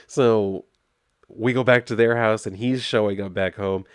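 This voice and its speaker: Male comic reviewer, rambling conversational recap, low voice, dry sound. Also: steady tone, unhurried, smooth, no echo. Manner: rambling, conversational, many fillers. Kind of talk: casual comic book review.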